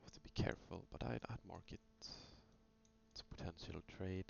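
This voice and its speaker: Very low gravelly man reviewing trades. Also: normal speed. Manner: thinking aloud, loose, with many fillers. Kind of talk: casual screen-recorded trading review. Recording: dull lo-fi sound with faint hum.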